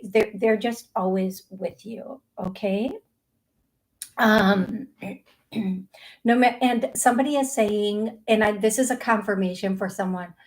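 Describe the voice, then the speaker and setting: Talking on a live call-in show, a middle-aged woman who works as a psychic medium host keeps things chatty and relaxed. She laughs easily and often restarts or uses fillers. Her pitch is medium, and the recording is rough.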